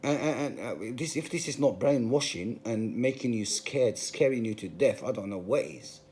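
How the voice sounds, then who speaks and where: A man's voice: mid-range voice, lively intonation, normal speed, darkish tone. A man giving an emphatic, passionate monologue, full of repetition and rhetorical questions. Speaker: religious commentator.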